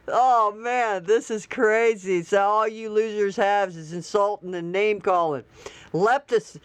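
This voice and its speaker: A woman's voice: mid-range voice, unhurried, smooth, dry recording. A woman hosting online commentary, reading social media posts aloud with incredulous, sarcastic asides. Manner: reads posts aloud and laughs.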